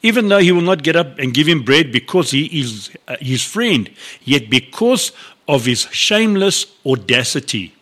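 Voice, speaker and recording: Animated preaching man. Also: on the high side, normal speed. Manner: animated storytelling, acts out biblical dialogue with laughs. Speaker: pastor. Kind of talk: sermon.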